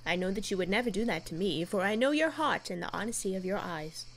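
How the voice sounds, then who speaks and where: A woman's voice: medium pitch, expressive, fast talker. A woman reading aloud a young woman's earnest, pleading love letter from a game. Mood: longing.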